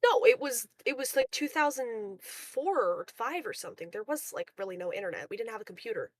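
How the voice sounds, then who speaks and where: A woman's voice: a little high, lively intonation, dry recording. Defensive young woman, dry close sound. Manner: defensive, talks fast and drops to a mutter. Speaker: guest on a streamed talk show. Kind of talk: personal interview and argument.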